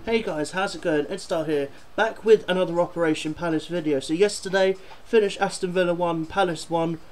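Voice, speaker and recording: A man's voice: high-pitched, brisk, a little hiss or hum, rough recording. A man doing a football fan video, ranting and swearing in exasperation about his team.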